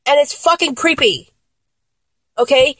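A woman's voice: high voice, measured pace, fairly bright tone, dry recording. A young woman voice actor playing a flustered, blunt young woman in a one-sided audio role-play, exasperated, stammering and swearing.

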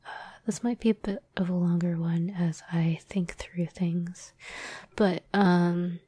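A woman's voice: lowish voice, fairly even intonation, slow, warm tone, no room sound. A woman hosting her podcast in a whispered chat, hesitant and self-deprecating, with many fillers. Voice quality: breathy whisper. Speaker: podcast host and script writer.

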